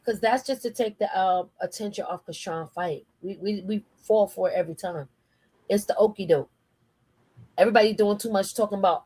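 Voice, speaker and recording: A woman with a New Jersey accent hosting a casual chat, talking in slangy, animated commentary. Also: medium pitch, fairly quick, slightly rough, dry recording, rough recording. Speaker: host.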